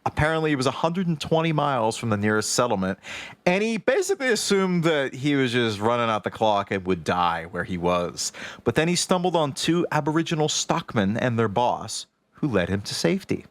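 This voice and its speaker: A man's voice: medium pitch, big pitch swings, a little fast, dry recording. A man co-hosting a podcast, reading his notes aloud as wry, casual storytelling. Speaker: podcast co-host.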